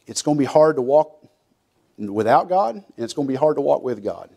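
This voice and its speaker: Folksy preacher man, fairly high voice. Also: big pitch swings, fairly quick, gravelly, warm tone. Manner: folksy preaching, acts out quotes with repeats and restarts. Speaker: pastor. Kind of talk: sermon.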